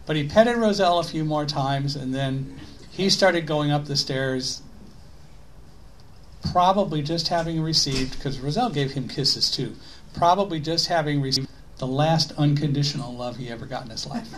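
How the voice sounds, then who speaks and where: Animated storytelling man. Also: fairly high pitch, moderate pace, slight background noise. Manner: animated, uses rhetorical questions. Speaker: speaker. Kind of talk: storytelling talk.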